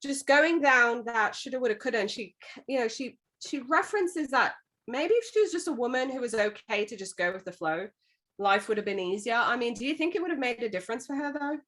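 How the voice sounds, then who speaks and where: A woman's voice: fairly high pitch, expressive, a little fast, fairly bright tone. A woman co-hosting a casual podcast about a book, retelling it at length. She talks conversationally and keeps dropping in "you know" as she goes. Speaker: podcast co-host.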